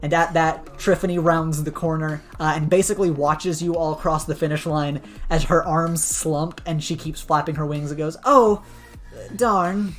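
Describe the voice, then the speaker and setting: Brief: low-pitched woman game master narrating a role-play, casual and rambling, soft music behind. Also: little pitch movement, moderate pace, hardly any pauses. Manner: casual, filler-heavy narration.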